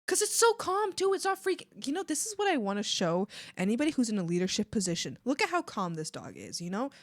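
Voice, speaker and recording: A woman streamer chatting casually to her viewers, excitable and rambling, laughing often. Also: on the high side, fast talker. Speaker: art streamer. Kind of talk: casual live-stream chat.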